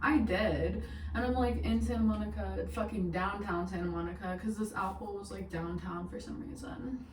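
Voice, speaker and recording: A woman's voice: mid-range voice, fairly even intonation, normal speed, distant mic. A young woman telling a story in a casual vlog, chatty and full of swearing, laughing as she goes. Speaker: vlogger. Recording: echoey room, mic set back, faint hiss.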